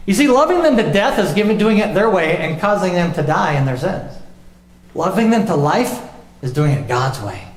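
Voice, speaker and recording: A young adult man delivers a sermon from the pulpit in a high, light voice. He presses hard on his questions and sinks to a hush for his key points. The church sanctuary gives his words a roomy echo. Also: sing-song, normal speed. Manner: emphatic preaching, dropping low and soft on key lines. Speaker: pastor. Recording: echoey church room.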